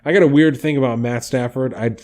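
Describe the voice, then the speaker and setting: Speaking quickly in a darkish, mid-range voice, this man co-hosts a podcast and goes through his football picks along with the odds. The chat is casual and relaxed, peppered with some profanity.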